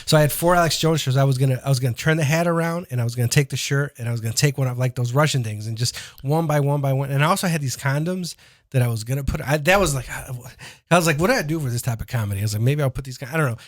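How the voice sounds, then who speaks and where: A man's voice: medium pitch, racing, dry recording, clean studio sound. A man, a comedian guest on a podcast, telling rambling, profane stories and acting out his own lines in casual chat.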